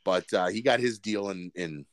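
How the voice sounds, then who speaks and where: A man's voice: sits low, moderate pace, dry recording. A man co-hosting a casual sports podcast, rambling with many fillers and restarts. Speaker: podcast co-host.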